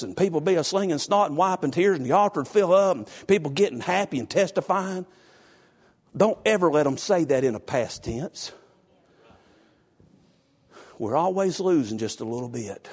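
A man preaching a fiery sermon, shouting in rising bursts and then dropping low and confiding. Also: husky. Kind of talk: fiery Pentecostal-style sermon.

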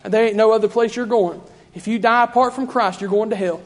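A preacher man delivers a revival-style sermon in a church, his fervent cadence circling back on the same phrases. His voice sits high for a man. The sound carries a long reverb from the hall. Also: steady tone, quick pace.

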